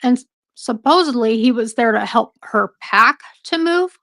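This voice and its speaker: A woman's voice: a little high, lively intonation, moderate pace, a bit bright, no echo. Woman reading case files with fillers. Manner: hesitant, reads documents aloud with fillers. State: losing her voice. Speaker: podcast host. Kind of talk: casual true crime discussion. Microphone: own microphone.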